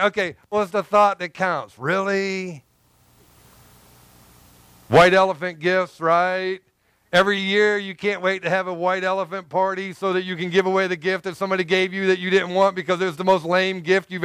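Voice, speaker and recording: A man, a pastor, giving an animated, conversational sermon with repeated phrases and acted-out asides. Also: high voice, moderate pace, clean tone, no echo.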